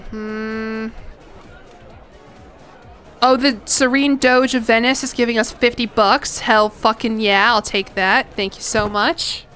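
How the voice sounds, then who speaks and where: A woman with a slightly high voice gives loose, chatty commentary while she plays a strategy game on stream. She reacts quickly, swears freely and laughs between moves. Faint music plays behind her. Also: fairly even intonation, fairly bright tone. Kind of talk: casual gameplay commentary.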